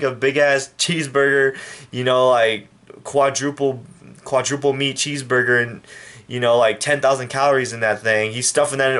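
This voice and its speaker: A man from El Paso, Texas, giving a rambling, halting and indignant opinion rant to his viewers. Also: mid-range voice, fairly even intonation, a bit bright. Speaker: vlogger. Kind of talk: casual opinion rant to camera.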